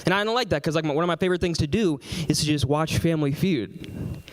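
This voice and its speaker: A young man performing stand-up comedy and working the crowd, animated and laughing often between lines. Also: a little high, fast talker. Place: stage before a live audience.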